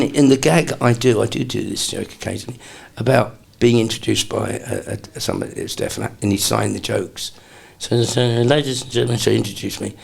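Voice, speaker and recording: A man in his sixties, a comedian guest telling lively anecdotes in an interview and dropping into quick impressions. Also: medium pitch, creaky, breathy edge. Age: 60s. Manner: animated storyteller, slips into quick impressions.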